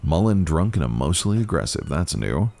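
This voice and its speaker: Very deep, gravelly male game commentator. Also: brisk. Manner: animated, reacts and muses aloud. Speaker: gaming channel host. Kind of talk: playthrough commentary and reading game text aloud.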